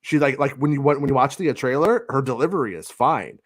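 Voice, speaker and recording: Man, podcast host, animated banter, swears casually, dry close mic. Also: mid-range voice, fast talker, no echo. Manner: animated, swears casually, reads news items.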